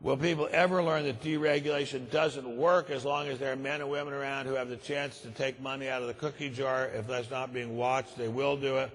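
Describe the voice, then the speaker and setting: A man's voice: medium pitch, steady tone, brisk, hardly any pauses, husky, big-room sound. Grave older man giving a speech. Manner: grave, emphatic, repeats words for stress. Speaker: conference speaker. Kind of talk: keynote speech. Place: large conference hall.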